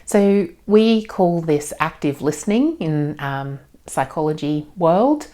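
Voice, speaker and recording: Low-voiced woman giving calm parenting advice. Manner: calm, gentle, explaining with frequent ums. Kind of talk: explanatory parenting talk.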